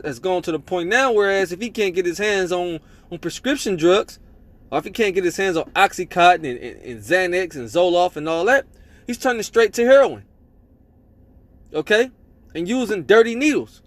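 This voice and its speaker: Here a man with a high-sitting voice delivers a sermon, with no room sound on the recording. He reads scripture aloud and drives his points home emphatically, adding "man" and "all right?" to his lines.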